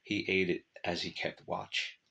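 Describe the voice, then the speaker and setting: A man narrating a short story in a measured, steady reading. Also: low voice, gravelly.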